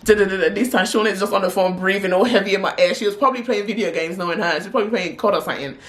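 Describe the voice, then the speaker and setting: Young woman, storytime vlog, animated, slangy. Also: mid-range voice, very fast. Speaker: vlogger.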